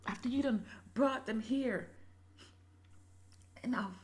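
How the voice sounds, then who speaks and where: A woman giving emotional reaction commentary, impassioned, moving between loud emphasis and soft whispery asides. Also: on the high side, slow. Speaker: reaction video creator.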